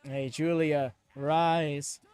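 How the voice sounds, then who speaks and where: A young man hosting a live watchalong stream, chatting excitedly with many fillers and quick laughs on a close mic. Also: on the high side, clean tone, dry recording. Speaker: watchalong host. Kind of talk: live reaction commentary.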